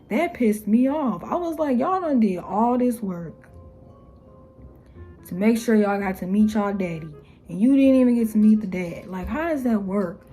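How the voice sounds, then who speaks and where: A young woman talking casually to camera, blunt and exasperated, with slangy phrasing and mocking quotes in a higher voice. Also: warm tone. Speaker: YouTuber. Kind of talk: casual opinion vlog.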